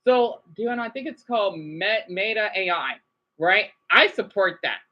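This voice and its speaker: A woman's voice: medium pitch, expressive, measured pace, muffled recording. A woman vlogger giving rambling, chatty livestream commentary with frequent restarts and check-ins with the audience.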